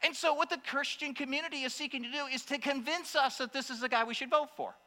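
A man preaching a sermon to a congregation, impassioned, swinging between loud exclamations and hushed asides. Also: very high-pitched, fairly even intonation, fast talker. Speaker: pastor. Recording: long hall reverb with mains hum.

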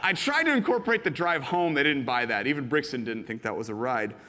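A man preaching a sermon, animated and playful, acting out little scenes and jumping into excited voices for the people in his stories. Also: quick pace, in a large hall. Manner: animated, jumps into high excited voices when quoting. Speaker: pastor. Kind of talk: sermon with acted-out illustrations.

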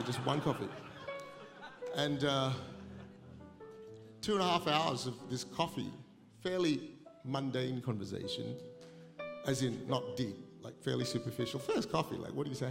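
A middle-aged male pastor telling a funny story in a sermon, animated and laughing as he goes, recorded live in a large church. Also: medium pitch, normal speed, gravelly. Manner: humorous, animated storytelling, laughing through anecdotes. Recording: live church recording with long reverb and music behind.

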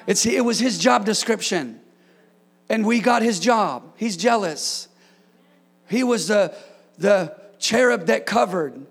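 A man with a very high, gravelly voice preaches a sermon to his congregation. He shouts his key points for emphasis and slips into playful, joking asides between them. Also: expressive, slow pace. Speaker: pastor. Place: church.

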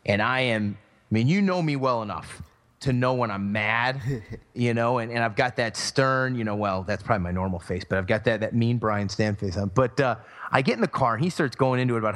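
Speaking fairly quickly in a mid-range, somewhat bright voice, this man co-hosts a podcast and casually narrates a tale while imitating the people in it. A long hall reverb hangs over the audio.

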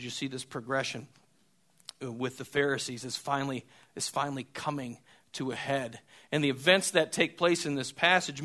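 Bright-voiced male preacher. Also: mid-range voice. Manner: preaching with swings between hushed and loud. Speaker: pastor. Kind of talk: sermon.

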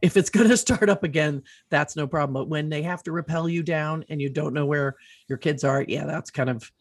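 A middle-aged woman hosting a podcast, telling an animated, rambling story in casual chat and swearing freely. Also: low voice, fairly quick, no echo, clean studio sound.

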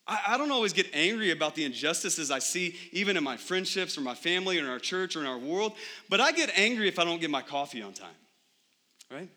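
A man's voice: a little high, big pitch swings, fast, sharp tone. A young adult man preaching a sermon in church, conversational, with frequent rhetorical questions to the congregation. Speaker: pastor.

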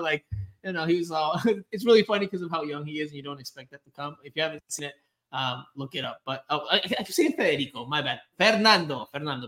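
A man co-hosting a sports podcast in casual chat, animated and joking, acting out quotes from other people. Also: fairly high pitch. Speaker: podcast co-host.

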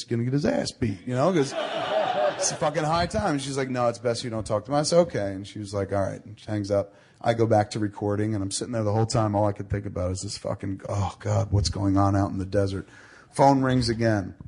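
A middle-aged man hosting a casual talk show, telling a long anecdote with a fairly low voice. He swears often and animates the story by quoting the people in it. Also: creaky, a little mellow, breathy edge. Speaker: podcast host.

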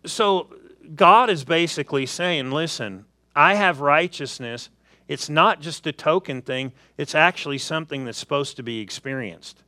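A man's voice: fairly high pitch, normal speed, no echo, clean studio sound. A man preaching a sermon, telling everyday stories and acting out little asides to make his points. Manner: animated storytelling with acted asides.

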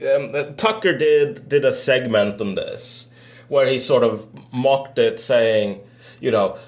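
A man co-hosting a casual podcast chat, talking slowly with many fillers and hesitations. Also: mid-range voice, a little mellow. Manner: slow, hesitant, lots of fillers. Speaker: podcast co-host.

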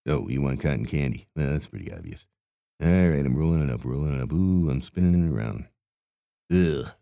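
A man's voice: a bass voice, lively intonation, brisk, creaky, warm tone, no room sound, clean studio sound, heavily acted. A man playing a hapless, grumbling carnival cotton candy vendor in an improvised character monologue, mumbling and stammering with groaning sighs.

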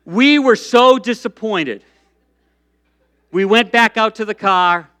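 A middle-aged man preaching a sermon, telling stories in a lively way with frequent restarts and fillers. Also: high voice, slow pace. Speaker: pastor.

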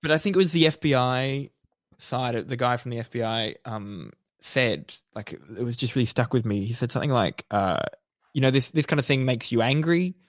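A man's voice: mid-range voice, normal speed, no echo, clean studio sound. A man with a lisp co-hosting a casual podcast, rambling and hesitant, filling his talk with "like" and "kind of". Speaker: podcast co-host. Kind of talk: casual chat.

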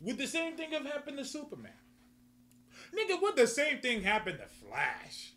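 High-pitched male host, profane comic ranter. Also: huge pitch swings, moderate pace, a bit bright, a little hiss or hum. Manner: profane, ranting, laughs a lot. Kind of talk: casual comic rant.

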